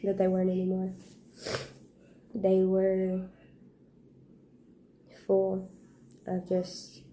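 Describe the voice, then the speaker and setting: A woman vlogger telling a painful personal story in a halting, hushed way, pausing and restarting. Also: medium pitch, monotone, slight background noise.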